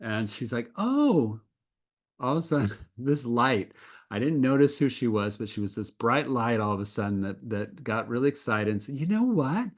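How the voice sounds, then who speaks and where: A man's voice: medium pitch, fairly quick. Guy sharing his faith story in an interview, earnest, keeps restarting sentences. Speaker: guest animator. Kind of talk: personal testimony in an interview.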